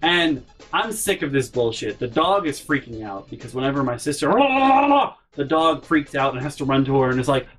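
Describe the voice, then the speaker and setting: A man's voice: medium pitch, normal speed, hardly any pauses, soft background music. Exasperated young man telling a story. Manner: exasperated, profane, animated. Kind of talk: casual storytime vlog.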